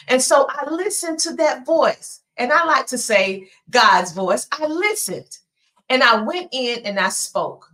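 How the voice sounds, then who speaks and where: A woman with a Southern twang giving an earnest, emphatic motivational presentation with dramatic pauses. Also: sits high, sing-song, fairly bright tone. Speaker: motivational speaker.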